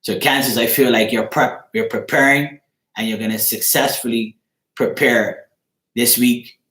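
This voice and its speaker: Man, tarot reader, casual livestream, rambling, swears now and then, middle pitch, echoey room. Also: steady tone, unhurried, fairly bright tone. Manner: loose, rambling, with swearing and asides to viewers.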